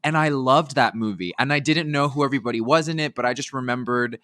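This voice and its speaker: A man's voice: mid-range voice, fast, dry recording, studio quality. A man co-hosting a podcast, chatting casually and gushing as he tells stories. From United Kingdom. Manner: gushing, animated storytelling. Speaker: podcast co-host. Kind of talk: casual chat.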